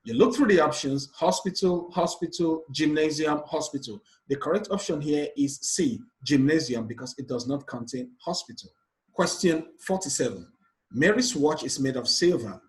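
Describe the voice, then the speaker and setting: A man's voice: on the high side, moderate pace, a little mellow, poor audio. A man, a teacher patiently going through exam stress questions one by one. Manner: patient, repetitive explanation. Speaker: English teacher. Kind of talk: exam revision lesson.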